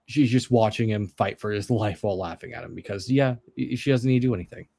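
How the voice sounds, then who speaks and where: A man's voice: on the low side, fast, creaky, mellow, no echo. A man co-hosting a stream, talking casually and rambling with laughs. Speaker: stream co-host. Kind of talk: casual chat.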